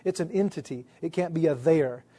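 A middle-aged man lectures a class on writing, with a voice pitched a little high. He sounds wry and self-deprecating and now and then mimics the people he quotes. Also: brisk, mellow, slightly rough. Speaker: writing instructor.

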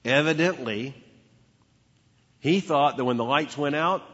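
A man's voice: a little high, unhurried, pauses often, a bit bright, breathy edge. A man preaching a sermon, telling a childhood story with emphatic repetition. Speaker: pastor. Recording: dull lo-fi with long hall reverb.

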